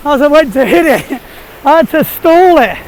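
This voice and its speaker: A man giving casual, excitable running commentary while windsurfing outdoors on the sea, laughing often. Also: very high-pitched, normal speed. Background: wind noise.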